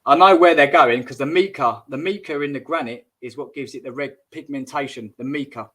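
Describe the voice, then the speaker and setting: A man's voice: mid-range voice, a little fast, fairly bright tone. A man hosting a casual livestream, chatting and joking with viewers and calling them mate. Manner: chatty and jokey, says mate, laughs at chat comments. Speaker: YouTube livestream host. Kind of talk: casual live-stream chat.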